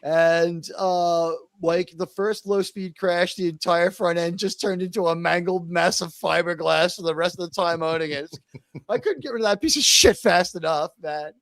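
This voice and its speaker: A man in his fifties hosting a casual live stream, excitable and rambling as he greets viewers one by one. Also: high-pitched, moderate pace, no room sound.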